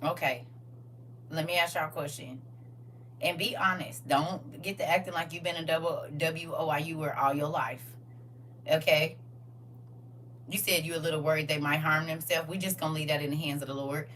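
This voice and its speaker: A woman hosting a casual livestream, reading viewer comments aloud and reacting with animated, laughing slang. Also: sits low, moderate pace, distant mic, slight background noise. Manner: animated, laughing, talks back to chat with slang. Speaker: livestream host.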